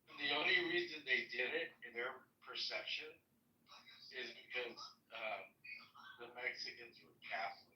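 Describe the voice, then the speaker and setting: A man's voice: medium pitch, lively intonation, moderate pace, sharp tone, echoey room, distant mic, low-quality recording. A man chatting casually on a podcast, sharing offbeat facts.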